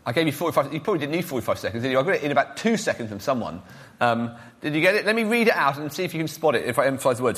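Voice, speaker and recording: Male preacher, sermon, lively voice, fairly high. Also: racing, breathy edge. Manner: animated, questions the congregation directly.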